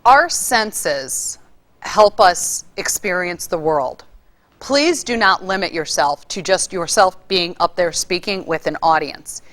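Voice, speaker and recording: A woman giving a casual spoken lesson on public speaking, showing different ways to deliver lines with lively shifts in emphasis. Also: lowish voice, slow. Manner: lively, demonstrates vocal delivery with varied emphasis.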